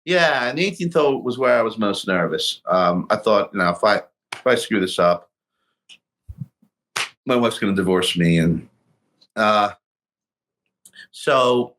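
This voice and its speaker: A man's voice: on the low side, measured pace, long pauses. A middle-aged man telling a golf story in a casual interview, acting out what he and others said along the way. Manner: animated storyteller, acts out his own past lines. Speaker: guest golfer telling his story.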